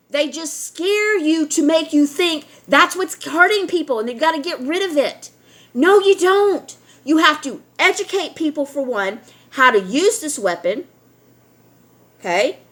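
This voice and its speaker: Blunt, bright-voiced lecturing woman. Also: sits high. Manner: blunt and lecturing, keeps asking "all right?". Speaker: vlogger. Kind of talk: opinionated talk to camera.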